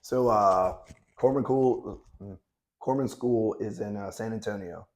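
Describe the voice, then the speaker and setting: A man in his thirties, voice on the low side and unhurried, tells stories as an interview guest. His manner is blunt and relaxed, and he swears a lot in this casual chat.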